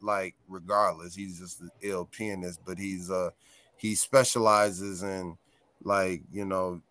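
A man guest on a podcast, telling tour stories in a casual, animated and profane way, laughing often. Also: low-pitched, slow, dry recording. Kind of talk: casual storytelling chat.

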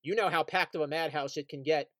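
A man's voice: fairly high pitch, fairly even intonation, fast, fairly bright tone, no echo. A man co-hosting a casual sports podcast, reading out news items and talking it over with an easy laugh. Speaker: podcast co-host.

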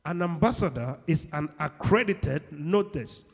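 A man preaching a sermon, asking the congregation questions and shouting at key points, acting out the people in his stories. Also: a little high, animated, a little slow, husky. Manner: call-and-response questions, shouts at peaks; acts out quoted people in dialogue. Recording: long hall reverb.

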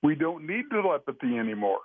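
A man's voice: fairly high pitch, big pitch swings, a little fast, dry recording. An older man telling folksy, rambling stories in casual conversation, with frequent restarts. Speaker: podcast guest sharing Sasquatch experiences. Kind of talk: casual storytelling chat. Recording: tinny phone-line audio.

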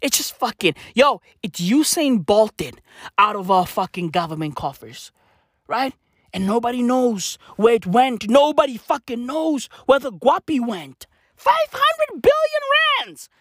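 A woman rants on her podcast, swearing freely and circling back to her points with slang fillers. Her voice sits a little high and swings widely, and she takes her time. The sound is close and dry. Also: expressive, unhurried, no room sound. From South Africa. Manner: profane, repetitive ranting with slangy asides. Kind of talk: casual podcast rant.

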